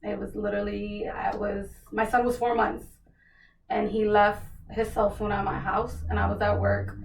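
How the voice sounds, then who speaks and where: A woman's voice: medium pitch, normal speed, vocal fry. A young woman from New Jersey, a podcast guest, telling a personal story in casual chat and acting out the dialogue. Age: young adult. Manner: animated, acts out quoted dialogue. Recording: roomy, distant mic, faint background noise.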